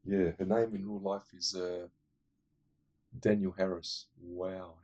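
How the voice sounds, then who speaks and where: A man's voice: low-pitched, little pitch movement, unhurried, darkish tone. A man rambling enthusiastically through casual film recommendations, full of fillers. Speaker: movie reviewer.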